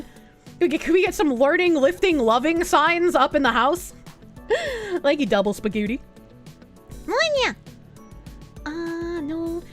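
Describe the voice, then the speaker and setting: A young woman with a Boston accent, streaming and chatting casually with her chat in an animated way, swearing often. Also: sits high. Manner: animated, swearing, laughing, bursts into loud put-on yells. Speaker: streamer reading chat messages. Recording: faint music behind.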